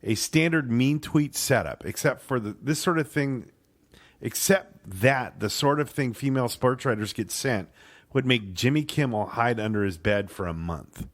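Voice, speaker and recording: A man's voice: mid-range voice, expressive, moderate pace. A man co-hosting a casual sports podcast, swearing freely and stumbling over words as he reads an article aloud. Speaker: podcast co-host.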